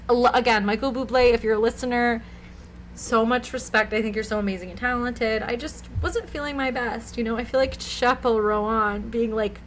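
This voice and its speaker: A young woman co-hosts a podcast in loose, casual chat. She tells stories in a rambling, giggly way, and her voice sits a little high. A faint hiss runs under the recording. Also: steady tone, fairly quick, rough recording. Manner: giggly, rambling anecdote with many "like"s. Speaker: podcast co-host.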